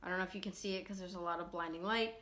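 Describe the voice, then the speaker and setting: A woman's voice: lowish voice, fairly even intonation, very fast, a bit bright. A young woman chatting casually with her sister on camera, with dry, sarcastic humor. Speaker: channel host. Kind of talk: casual chat. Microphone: phone camera close up.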